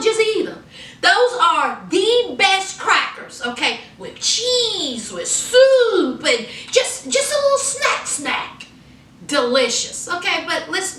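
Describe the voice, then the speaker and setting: A woman's voice: very high-pitched, bright, forceful tone, roomy sound, distant mic, poor audio. A woman recapping a TV episode in a sassy, chatty way, calling her viewers honey and child. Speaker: TV episode reviewer. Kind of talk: casual TV recap.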